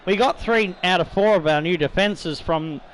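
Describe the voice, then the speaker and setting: A man's voice: high-pitched, normal speed, a little hiss or hum, poor audio. A man hosting a football video game let's-play in a chatty, rambling way, a bit tipsy with slightly slurred words and casual swearing. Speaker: gaming YouTuber host.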